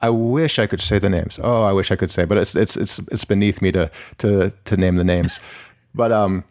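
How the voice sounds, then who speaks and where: A man's voice: sits low, normal speed, a little mellow. A middle-aged man from Michigan, a musician guest, talking candidly and rambling with many restarts and fillers. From Michigan, USA. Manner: rambling, self-interrupting, many "like"s. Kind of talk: candid conversational interview.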